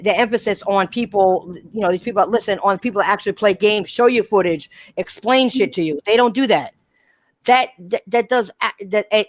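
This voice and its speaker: A woman's voice: mid-range voice, no echo. A woman hosting a podcast, ranting bluntly with profanity and repeated direct addresses to her listeners. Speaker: podcast host. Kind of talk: heated casual podcast rant.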